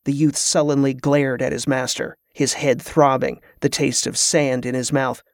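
A man narrating a fantasy novel in a steady, measured storytelling voice. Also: mid-range voice, gravelly, no room sound, clean studio sound.

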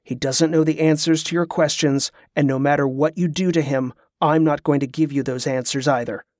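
A man voicing a cool, defiant male prisoner who speaks calmly and levelly, in an audiobook. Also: on the high side, normal speed, no echo, studio quality, close to an everyday voice. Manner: calm, level.

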